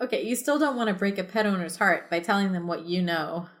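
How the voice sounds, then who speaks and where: A woman's voice: fairly low pitch, fast, a bit bright. A woman reading a choose-your-own-adventure story aloud on a podcast, breaking off into sarcastic joking asides. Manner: giggly, sarcastic. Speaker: podcast reader.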